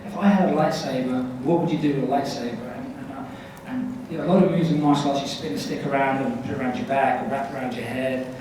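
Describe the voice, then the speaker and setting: A man's voice: mid-range voice, fast, hardly any pauses. A man from Scotland with a London accent, a convention panel guest telling stories animatedly and mocking himself. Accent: London English with Scottish traces. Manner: animated, self-mocking, restarts often. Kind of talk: casual Q&A storytelling. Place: large convention hall. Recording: echoey hall, distant mic, noisy.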